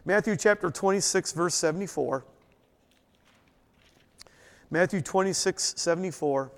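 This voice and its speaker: High-voiced man teaching scripture, reverberant. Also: measured pace. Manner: animated, conversational, asks the group questions. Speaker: Bible teacher. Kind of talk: Bible study teaching.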